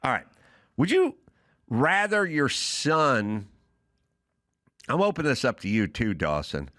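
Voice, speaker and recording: A man's voice: medium pitch, sing-song, measured pace, fairly bright tone, dry recording, studio quality. A man hosting a podcast, ranting in a sardonic, opinionated way and acting out other people's voices. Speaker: podcast host. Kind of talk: casual opinionated monologue.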